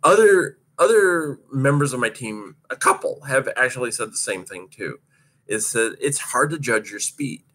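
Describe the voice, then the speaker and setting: Man, casual storyteller: lively, husky delivery, laughs and curses through the anecdote. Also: mid-range voice, moderate pace. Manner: animated, laughing, swearing freely. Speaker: roller derby skater recounting practice.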